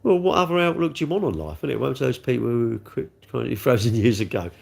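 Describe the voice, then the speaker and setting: A man in his sixties with a gravelly voice, hosting a casual live stream, chatting and joking as he answers viewer comments. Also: mid-range voice, expressive, fast talker, a little mellow. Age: 60s. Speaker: livestream host reading chat.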